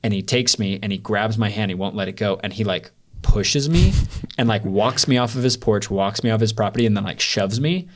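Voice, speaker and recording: A man's voice: fairly low pitch, a little fast. A man as a podcast guest, telling a candid story in a rambling way full of fillers. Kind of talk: storytelling in a casual interview.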